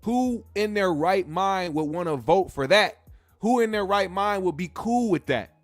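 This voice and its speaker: A male podcast host rants in a blunt, heated way, swearing freely as he argues his point. His voice sits high, and the sound is dry and close with faint music underneath. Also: animated, measured pace, no room sound. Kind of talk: casual opinion rant.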